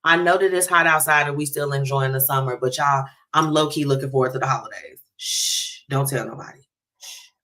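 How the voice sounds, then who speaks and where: A woman's voice: low voice, fast, few pauses, sharp tone. A woman hosting a talk show, chatting casually and animatedly straight to her listeners.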